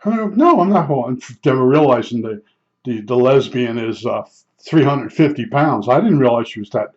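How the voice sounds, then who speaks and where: Older man, mid pitch, rambling blunt storyteller; dull lo-fi audio. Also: expressive, moderate pace, a little mellow. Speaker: vlogger. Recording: dull lo-fi sound.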